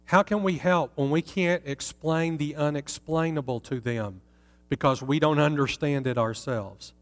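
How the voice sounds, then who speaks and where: A man's voice: on the high side, measured pace. A man teaching from the Bible in a conversational way, putting rhetorical questions to his listeners. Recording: long reverb in a hall.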